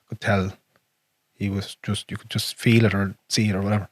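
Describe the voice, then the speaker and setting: Fast-talking, husky Irish man. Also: on the low side, little pitch movement, no room sound. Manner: frank and profane, drops to a near whisper on painful memories. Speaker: podcast host. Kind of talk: casual conversation.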